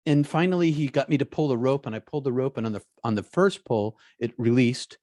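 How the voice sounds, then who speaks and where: A man speaking as an interview guest, slow and emphatic, who stumbles and repeats words as he recounts a personal story. His voice sits at an ordinary middle pitch and is recorded dry and close, with no room sound around it. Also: a little mellow, dry recording.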